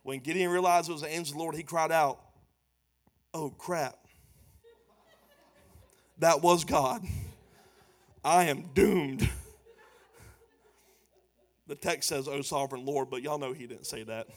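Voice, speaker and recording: A man's voice: on the high side, a little slow, pauses often. A man preaching a sermon as pastor, emphatic and conversational. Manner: animated, loud and emphatic, then quieter and conversational.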